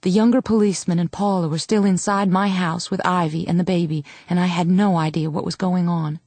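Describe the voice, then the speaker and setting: A woman reads an audiobook with a measured, dramatic first-person delivery. Her voice sits on the low side and the recording is close and dry, with no room sound. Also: steady tone, a little mellow, no echo. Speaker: audiobook narrator. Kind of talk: scripted audiobook narration.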